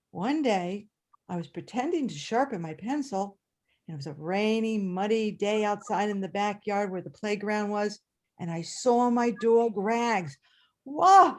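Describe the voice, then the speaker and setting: An older woman performing a story at a live storytelling event, animated and acting out the voices and sounds. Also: a little high.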